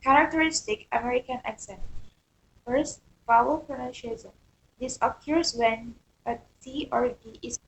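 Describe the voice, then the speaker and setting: Woman, student presenter, steady list reading, higher voice, faint hiss behind. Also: poor audio. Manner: steady reading of listed points, occasional stumble. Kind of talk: reading a class presentation aloud. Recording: faint background noise.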